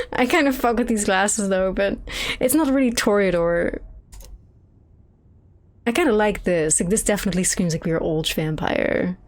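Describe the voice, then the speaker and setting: A woman's voice: mid-range voice, normal speed. A young woman streaming a game, commenting casually as she rambles, swears and laughs.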